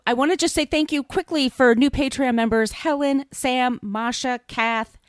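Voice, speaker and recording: A woman's voice: high voice, normal speed, dry recording, clean studio sound. A woman co-hosting a podcast in casual chat, laughing often and correcting herself. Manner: chatty, laughs often, fillers and self-corrections. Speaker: podcast co-host.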